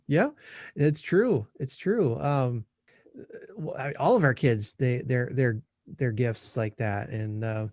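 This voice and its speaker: A middle-aged man hosting a podcast in a relaxed, chatty way, laughing easily and agreeing often. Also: mid-range voice, slow pace, no echo, clean studio sound. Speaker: podcast host. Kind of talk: casual interview chat.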